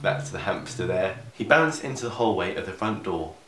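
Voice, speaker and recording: Young man reading a story aloud, sarcastic asides, lowish voice, echoey room. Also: expressive, normal speed, heavy background noise. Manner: sarcastic, interrupts himself with asides. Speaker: vlogger. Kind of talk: comedic fan fiction reading. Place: room in grandparents' house.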